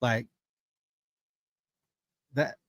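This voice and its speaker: A man's voice: drawn-out words, a bit bright, no room sound. A man hosting a livestream, ranting angrily with constant swearing in loose, heated casual commentary. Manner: profane, angry ranting. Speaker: livestream host.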